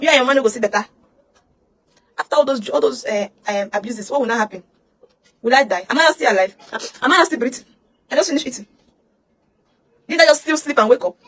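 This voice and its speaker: High and fairly bright, a young woman's voice with a Nigerian accent rants heatedly on social media. She is Nigerian, emotional, and scolds by firing off rhetorical questions.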